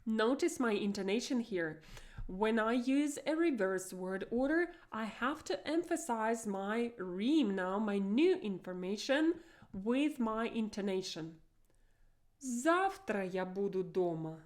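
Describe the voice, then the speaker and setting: A young Russian woman with a Russian accent, teaching a language lesson with slow, clear explanations and stressed example phrases. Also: on the high side, lively intonation, darkish tone.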